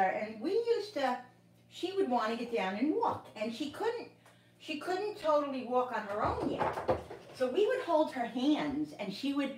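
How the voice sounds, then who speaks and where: A middle-aged woman hosts a cooking livestream from her home kitchen, chatting casually and telling a rambling, repetitive story with many restarts. Her medium-pitched voice sits away from the mic in an echoey room.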